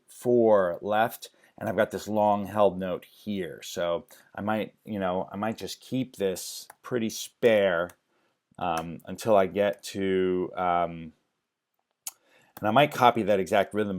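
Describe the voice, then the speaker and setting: A man with a slightly low voice walks through a composition on screen, teaching as he goes. He thinks out loud, stalling on ums and restarting phrases, as if working it out live at a computer mic. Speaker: music theory instructor. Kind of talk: screen-share lecture demo.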